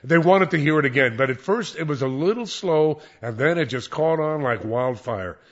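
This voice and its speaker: An older man, a former radio disc jockey, reminiscing in an interview in a rambling, animated way with many restarts. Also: medium pitch, normal speed. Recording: dull lo-fi recording.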